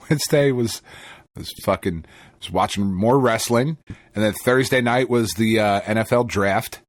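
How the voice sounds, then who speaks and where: This podcast co-host has a lowish voice and takes his time telling a story in casual chat. Laughter and frequent swearing run through his animated delivery, captured in studio quality with no echo.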